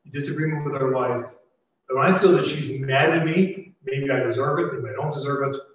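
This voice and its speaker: A man's voice: fairly high pitch, a bit bright. A man in his forties preaching a sermon, earnest and conversational, full of rhetorical questions. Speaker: pastor. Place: church sanctuary. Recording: echoey church hall, mic heard from a distance.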